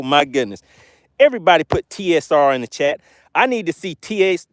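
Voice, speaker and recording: Chatty fishing livestream host, dry close sound. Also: male voice, fairly high pitch, no echo. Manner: chatty, reads viewer comments aloud, laughs often. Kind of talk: live stream chat from a boat. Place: outdoors on a fishing boat.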